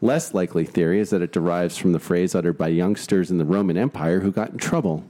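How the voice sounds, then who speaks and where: A man with a fairly low voice hosts a casual, crude podcast chat. He reads facts aloud and riffs on them with coarse jokes. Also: quick pace, warm tone. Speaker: podcast host.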